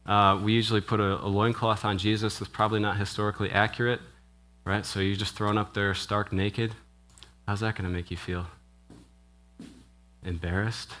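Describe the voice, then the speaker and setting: A male minister gives a conversational sermon in a church. He draws the congregation in with questions and a steady "right?". His voice sits a little low but comes across bright and forceful. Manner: asks the congregation questions, with frequent "right?" tags; conversational, with restarts and brief laughs. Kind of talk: interactive sermon.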